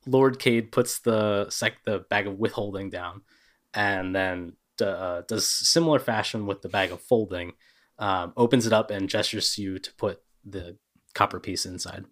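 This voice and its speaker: A man narrating a tabletop game as game master in a relaxed way, with many ums. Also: lowish voice, normal speed.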